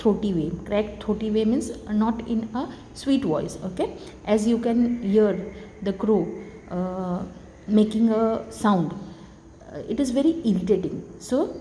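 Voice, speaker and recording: Woman teacher, mellow tone, explains a textbook with rhetorical questions. Faint background hiss, reverberant room. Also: medium pitch.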